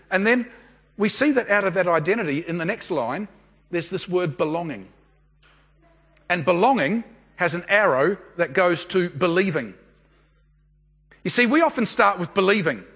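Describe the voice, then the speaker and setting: High bright preacher in a hall. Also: male voice. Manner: conversational, earnest, asks rhetorical questions. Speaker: pastor. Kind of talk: sermon. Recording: long hall reverb.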